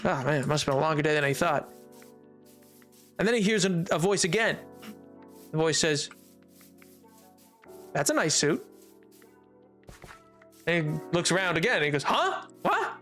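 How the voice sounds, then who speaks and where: High bright guy streaming, giggly and rambly, trips over words, faint music behind. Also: fairly quick, pauses often. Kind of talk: casual live-stream chat.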